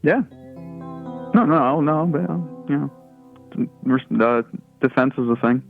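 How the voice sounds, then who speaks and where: A man's voice: fairly high pitch, slow pace, creaky. A man from Philadelphia with a Philly accent, calling in and rambling in a profane, casual way. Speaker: caller. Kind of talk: casual call-in chat. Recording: tinny phone-like line with faint music.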